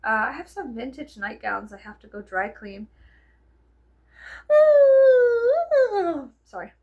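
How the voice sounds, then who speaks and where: A young woman with a Southern US accent vlogs from home, chatting casually to the camera, rambling, swearing, and dropping into whispers. Her voice is medium-pitched, husky, and full of vocal fry, and she talks a little fast. The audio is narrow and tinny.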